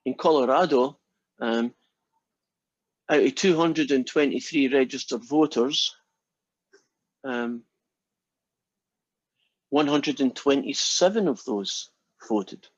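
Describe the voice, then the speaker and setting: Male instructor, easygoing raconteur, slightly husky, muffled close-miked lecture audio. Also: mid-range voice, slow pace, pauses often, no room sound. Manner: chatty storyteller, jokes with class. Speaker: math instructor. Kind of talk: lecture with a told joke.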